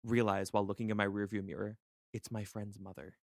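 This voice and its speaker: Young guy cohost chatting casually, lowish voice, laughs a lot. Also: fairly quick, creaky, no room sound, studio quality. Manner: animated storyteller, laughs often. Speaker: podcast co-host. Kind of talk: casual chat.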